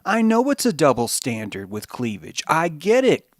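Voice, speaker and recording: A man's voice: a little high, huge pitch swings, moderate pace, no echo, studio quality. A man hosting a podcast, delivering a rambling, profane monologue commentary. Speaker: podcast host.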